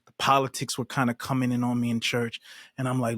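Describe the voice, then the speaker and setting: A man's voice: medium pitch, little pitch movement, quick pace, a bit bright, no echo, studio quality. A man, a podcast guest, earnestly recounting a personal story with emphatic, acted-out quotes.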